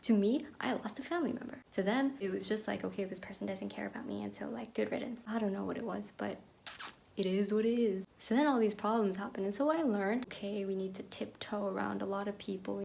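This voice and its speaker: A young woman from Pakistan telling a personal story in a candid, animated monologue that drops into whispered asides. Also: mid-range voice, gravelly. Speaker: podcast host.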